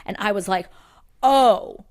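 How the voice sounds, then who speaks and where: A woman co-hosting a podcast in casual chat, animated and quick to laugh, acting out the lines she quotes. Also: medium pitch. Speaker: podcast co-host.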